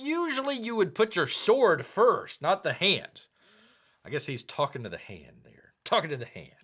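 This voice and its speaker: A man's voice: a little high, sharp tone. A man hosting a casual livestream and reading viewer comments, rambling and jokey, often searching aloud for words. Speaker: livestream host.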